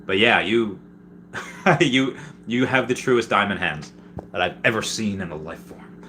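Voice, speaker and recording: A man with a low, bright, forceful voice chats excitedly on his livestream, rambling and restarting as he reads viewer comments. Faint noise hums behind him. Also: measured pace. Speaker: livestream host reading chat. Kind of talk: casual livestream chat.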